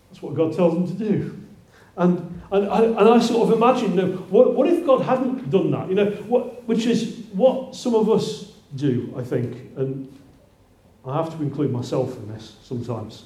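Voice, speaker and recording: A fairly high-pitched male preacher gives a conversational sermon and often restarts his sentences. His tone is mellow. The sound is roomy and echoing, as in a church. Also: lively intonation, moderate pace. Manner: conversational, with many restarts and rising exclaims. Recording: roomy echo.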